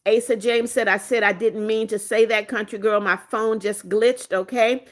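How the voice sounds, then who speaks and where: A middle-aged woman from the United States hosts a livestream, chatting casually as she reads viewers' comments aloud and answers them warmly. Her voice is fairly high, steady in tone, at a normal speed.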